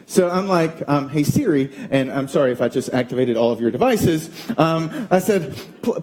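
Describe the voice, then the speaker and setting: High-voiced male pastor preaching. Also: normal speed. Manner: animated storytelling, acting out quotes. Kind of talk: sermon. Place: church auditorium.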